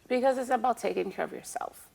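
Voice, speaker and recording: Woman with a gravelly, creaky voice. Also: a little high, quick pace. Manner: calm, explanatory, with frequent "um" and "you know". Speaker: licensed acupuncturist, guest. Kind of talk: explaining in an interview.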